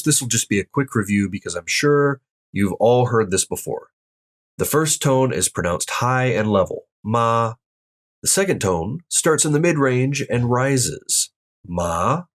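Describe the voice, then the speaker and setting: A man with a slightly husky voice leads an online language lesson in an upbeat way and speaks straight to his viewers. His pitch moves a lot as he walks through each rule step by step, and he sounds every example out loud. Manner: explains step by step and demonstrates each tone aloud; upbeat, addresses viewers directly. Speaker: Mandarin tone teacher.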